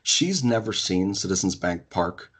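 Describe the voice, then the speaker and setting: A young adult man hosting a podcast in casual sports chat, talking in an excited, emphatic way and swearing casually. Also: deep voice, a little slow, breathy edge. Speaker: podcast host.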